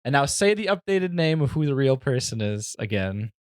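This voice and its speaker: A man's voice: mid-range voice, sing-song, moderate pace, no echo, clean studio sound. A man co-hosting a podcast in casual chat, sounding distracted as he looks things up and says "hold on" a lot. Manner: distracted, repeating "hold on" while searching online. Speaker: podcast co-host.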